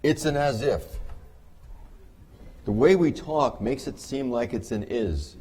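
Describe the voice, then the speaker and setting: A man's voice: medium pitch, sing-song, normal speed, a little mellow, husky. A man giving a humorous conference lecture on behavior analysis, wry and joking with the audience. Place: conference hall.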